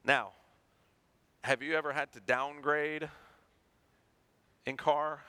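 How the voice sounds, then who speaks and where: A man preaching a sermon, animated and acting out everyday people to make his points. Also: a little high, slow, clean tone. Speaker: pastor.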